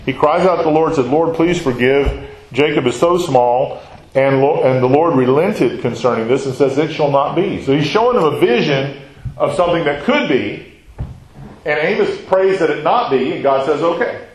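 Reading scripture and then talking it through, a man teaches a Bible study at normal speed in a slightly high, expressive voice. The audio is poor and the room echoes. He quizzes his class conversationally, often ending with "right?"

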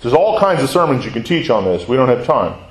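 A man's voice: mid-range voice, big pitch swings, a little fast. A man teaching a Bible class in a conversational way, asking questions and answering them himself. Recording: very echoey room.

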